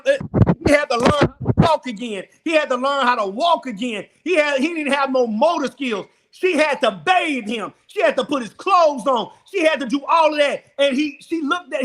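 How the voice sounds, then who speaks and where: A man hosting a men's round table, talking in an impassioned, preaching style that repeats phrases and rises to shouts. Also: very high voice, normal speed.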